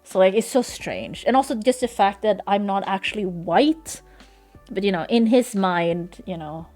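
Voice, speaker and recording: A young woman talks straight into her desk mic while streaming from home. Her voice sits at a middle pitch, and she speaks frankly and swears freely in loose run-on sentences. Soft music plays quietly behind her. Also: expressive, moderate pace. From Sweden. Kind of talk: casual chat.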